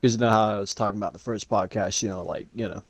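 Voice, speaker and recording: A man's voice: lowish voice, steady tone, rapid-fire, breathy edge, dry recording. A young man co-hosting a casual podcast, giving short, blunt opinions. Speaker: podcast co-host. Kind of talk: casual chat.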